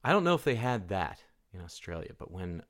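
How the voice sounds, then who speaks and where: A man co-hosting a casual movie podcast, joking and riffing in an animated way. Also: deep voice, a little fast. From United States. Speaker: podcast co-host.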